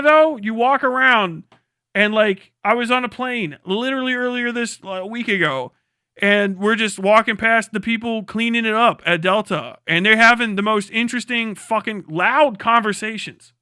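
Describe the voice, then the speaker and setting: High, bright-voiced man ranting profanely. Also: dry recording, studio quality. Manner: profane, rambling, animated. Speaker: live streamer. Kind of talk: comedic rant.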